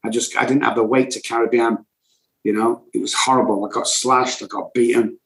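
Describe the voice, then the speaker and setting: A man's voice: mid-range voice, little pitch movement, fairly quick, reverberant, poor audio. A middle-aged man, telling his own recovery story in a blunt, intense way as a podcast guest. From England. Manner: blunt, intense, self-described loud and cocky. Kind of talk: emotional personal storytelling.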